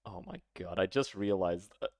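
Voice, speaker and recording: A man's voice: deep voice, creaky, a little mellow, dry recording, studio quality. A man streaming a reaction, talking casually with incredulous, profane mockery. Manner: incredulous, profane, quick to mock.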